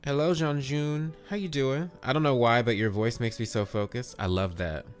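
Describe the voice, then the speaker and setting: With soft music behind him, a medium-pitched man talks at normal speed with fairly even intonation. He's casually and cheerfully streaming a video game, calling out viewers by name and letting an occasional swear slip.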